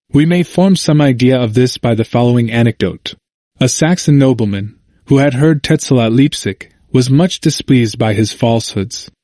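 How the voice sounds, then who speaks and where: A man reading a historical narrative aloud in a steady, measured way. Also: medium pitch, no room sound, studio quality. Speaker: audiobook reader. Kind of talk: scripted narration.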